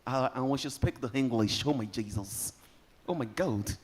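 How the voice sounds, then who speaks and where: A Nigerian man emcees a live summit in a conference hall. His pitch sits in the middle for a man, and his talk is lively and joking as he calls on the crowd. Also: normal speed, slightly rough. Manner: lively, joking, rallies the audience. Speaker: event host.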